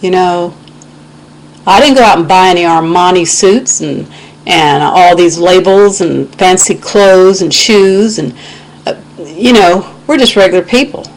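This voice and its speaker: A U.S. video blogger rants with fiery indignation over her webcam microphone, citing scripture throughout. Her voice is fairly low and a little slow, and the recording is rough.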